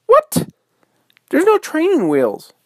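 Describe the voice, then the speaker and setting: A man doing a high whiny little girl. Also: wildly swooping pitch, takes it slowly, a bit bright, dry recording, studio quality, exaggerated voice. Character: young girl learning to ride a bike, whiny. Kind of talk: bedtime story voice.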